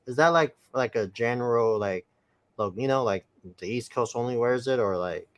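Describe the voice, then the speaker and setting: Excitable laughing man from Brooklyn. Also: medium pitch, moderate pace, no echo. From New York. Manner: laughs often, excitable, slangy. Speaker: co-host. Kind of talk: casual chat on a live stream.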